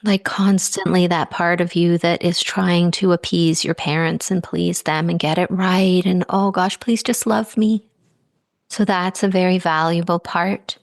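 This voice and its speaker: A woman podcast host guiding a guest through a gentle coaching conversation, soothing and affectionate, often drawing out her phrases. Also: lowish voice, flat delivery, measured pace, creaky, hardly any pauses, no echo, studio quality.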